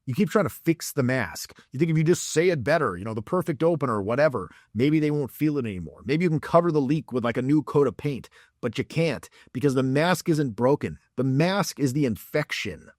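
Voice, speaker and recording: A man's voice: mid-range voice, expressive, fairly quick, darkish tone, no echo, clean studio sound. A man giving blunt, profane dating advice as a coach. He talks in a mocking way and acts out examples in put-on voices.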